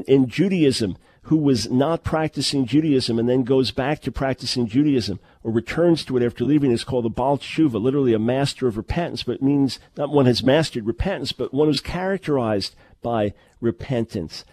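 A man's voice: mid-range voice, darkish tone. A middle-aged man preaching a sermon, emphatic and full of rhetorical questions, often restarting his words. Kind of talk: sermon-style teaching.

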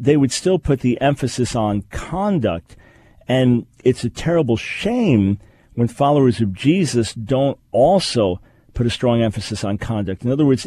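Earnest male radio host, mellow tone. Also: mid-range voice, no echo. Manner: earnest, explanatory. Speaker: radio talk show host. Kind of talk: call-in radio talk and teaching.

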